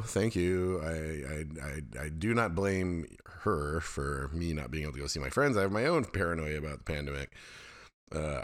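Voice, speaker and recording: A middle-aged man hosting his own podcast, talking candidly and at length in a loose, rambling way. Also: very deep voice. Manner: rambling, candid, self-deprecating. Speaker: podcast host. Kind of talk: casual solo monologue.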